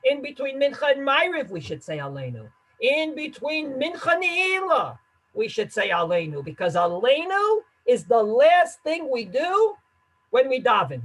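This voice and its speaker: A man teaching a lively class as a rabbi, quizzing and teasing his listeners as he explains. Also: extremely high pitch, low-quality recording. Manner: animated, quizzes and teases the listeners.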